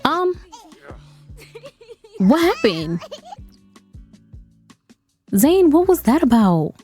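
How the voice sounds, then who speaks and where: A young woman hosting a casual gaming video, chatty and animated, laughing often and talking to her viewers. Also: sits high, drawn-out words, soft background music. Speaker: gaming channel host. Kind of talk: casual game commentary.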